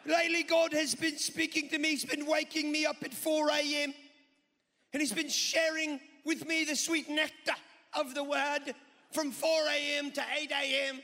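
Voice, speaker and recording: A man's voice: extremely high pitch, flat delivery, moderate pace, pushed and bright, big-room sound, voice pushed up, full character voice. A man doing an impression of a dramatic Australian woman preacher who sounds a bit like a pirate. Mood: grandiose. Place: church sanctuary.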